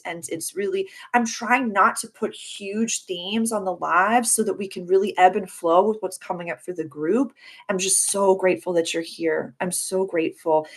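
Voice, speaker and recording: Effusive woman hosting a spiritual live stream. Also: on the low side. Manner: warm, effusive, spiritual coaching tone, reads out viewer comments. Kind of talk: casual live-stream talk to viewers.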